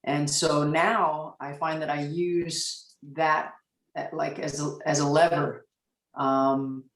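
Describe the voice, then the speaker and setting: A woman in her forties, a police officer on a discussion panel, telling a candid story from her career in a reflective way with frequent pauses. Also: low voice, flat delivery, reverberant, far from the mic, poor audio.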